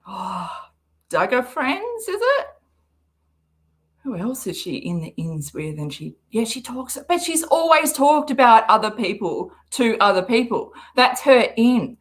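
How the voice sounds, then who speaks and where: A woman hosting a reaction livestream, talking in an animated, sarcastic way and laughing often. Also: a little high, a little slow. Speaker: livestream host.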